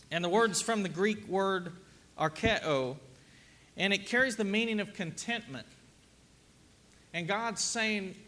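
A middle-aged man preaching a sermon in a relaxed, conversational manner. His voice sits fairly high for a man. He often turns to the congregation with questions. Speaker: pastor. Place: church sanctuary with congregation.

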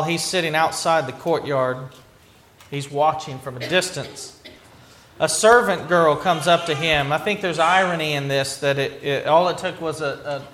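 A man's voice: a little high, a bit bright, a little hiss or hum. A man preaching a sermon, retelling a scripture story earnestly, with frequent restarts. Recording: echoey room.

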